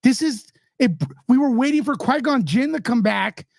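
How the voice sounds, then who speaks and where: Man, guest on a chat show, fired-up and frustrated, rough edge to the voice. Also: extremely high pitch, moderate pace, a little mellow, no echo, studio quality. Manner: passionate, ranting, frustrated. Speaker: guest commentator. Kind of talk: casual podcast chat.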